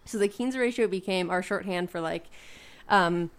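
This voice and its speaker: A chatty woman co-hosting a podcast, talking casually and freely. She laughs often and drops animated asides as she goes. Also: fairly low pitch, normal speed, smooth. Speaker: podcast co-host. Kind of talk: casual chat.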